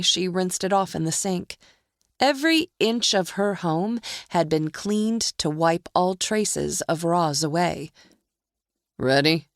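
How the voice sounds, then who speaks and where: A woman narrating a psychological thriller audiobook in a measured, deliberate way. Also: deep voice, dry recording, clean studio sound.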